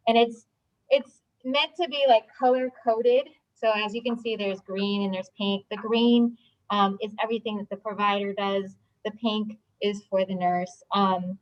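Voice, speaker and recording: A woman's voice: medium pitch, muffled recording. A woman walking colleagues through a hospital procedure in an informal presentation, with frequent ums. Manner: explanatory, many filler ums. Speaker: hospital stroke program presenter.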